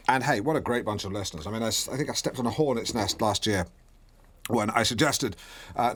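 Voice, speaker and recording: A man's voice: mid-range voice, fairly bright tone. A man hosting a radio show, talking in a bumbling, awkward and self-important way. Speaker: radio presenter. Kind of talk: comic radio presenting.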